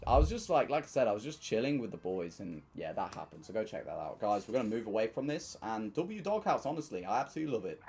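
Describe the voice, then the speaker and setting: A young man casually commenting while playing online slots, bursting into excited shouts at wins. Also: fairly low pitch.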